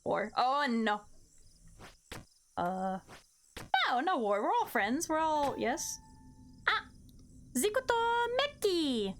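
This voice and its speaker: A young woman streamer with a high voice that leaps all over the place. She chats bubbly and playful with her viewers and counts out her jumps aloud. A faint hiss sits under her voice. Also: expressive, slow, long pauses. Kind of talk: casual live game-stream chat.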